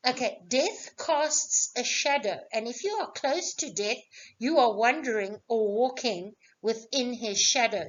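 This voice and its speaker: A woman teaching an exam revision lesson, explaining patiently and answering her own questions. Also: fairly high pitch. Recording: dull lo-fi recording.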